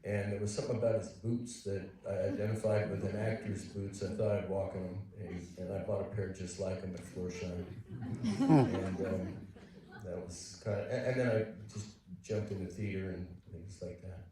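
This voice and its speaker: An older man on a panel, talking in a halting way with many restarts. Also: low voice, fairly even intonation, mellow. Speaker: actor, panel guest. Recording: echoey hall, mic far off.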